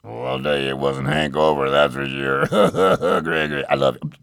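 A man's voice: mid-range voice, normal speed, creaky, a bit bright, clear, resonant tone. A man hosting a community radio show in a loose, joking, rambling way. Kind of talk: casual on-air radio chat.

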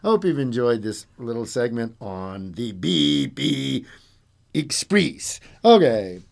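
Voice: medium pitch, big pitch swings, takes it slowly, creaky. A radio host giving a dramatic reading of a classic ghost story, with playful spooky asides.

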